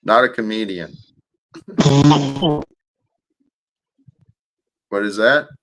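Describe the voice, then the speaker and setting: A man's voice: mid-range voice, extremely slow, a bit bright. A man hosting a livestream, talking casually and reflectively about faith and life, with some restarts. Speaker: livestream host.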